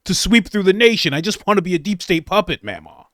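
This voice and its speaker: A man's voice: sits high, animated, fast, a bit bright, dry recording, clean studio sound, pitched above the performer's own voice. A man voicing a mocking impression of a whiny male politician pleading with his grandmother. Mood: whining.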